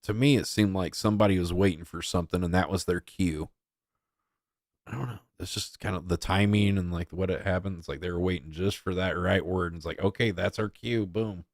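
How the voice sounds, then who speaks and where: A man's voice: low-pitched, steady tone, brisk, dry recording, studio quality. A young man hosting a podcast, giving rambling casual commentary full of filler words. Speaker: podcast host.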